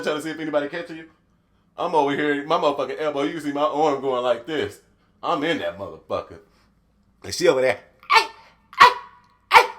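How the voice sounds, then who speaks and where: Animated, laughing podcast host man. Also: fairly high pitch. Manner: profane, laughing, animated storytelling. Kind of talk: casual storytelling monologue.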